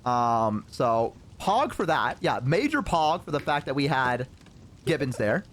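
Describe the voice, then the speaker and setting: Animated, profane male streamer storyteller. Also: mid-range voice, unhurried. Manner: animated, profane, rambling with fillers. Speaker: VTuber streamer. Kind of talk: casual storytelling anecdote.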